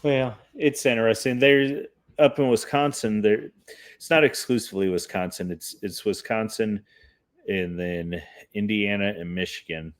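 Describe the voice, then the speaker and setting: A man with a lowish voice hosts a relaxed podcast conversation. He tells stories with ease but hunts for words and restarts when he explains his views. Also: moderate pace. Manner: searching, hesitant when explaining. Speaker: podcast host. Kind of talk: casual chat and storytelling.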